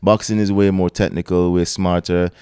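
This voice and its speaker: Deep, mellow man with firm opinions. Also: flat delivery, moderate pace, smooth, dry recording, studio quality. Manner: emphatic, strongly opinionated. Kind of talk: casual podcast chat.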